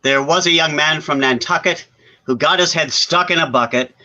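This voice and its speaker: A man giving a staged play reading as the affectionate companion of an aging actress, gently teasing and correcting her. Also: a little high, normal speed, muffled recording.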